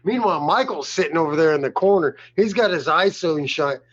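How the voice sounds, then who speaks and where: Husky male co-host, swearing storyteller, dull lo-fi recording. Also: fairly high pitch, lively intonation, a little fast. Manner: profane, rambling storyteller. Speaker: podcast co-host. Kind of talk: casual podcast storytelling. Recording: muffled lo-fi audio.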